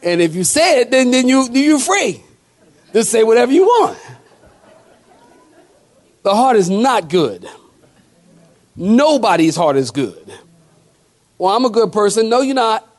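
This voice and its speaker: A male pastor preaching a sermon in a folksy, conversational way, with call-and-response asides to the congregation, moving between slow emphatic scripture lines and quick joking remarks. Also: very high voice, very animated.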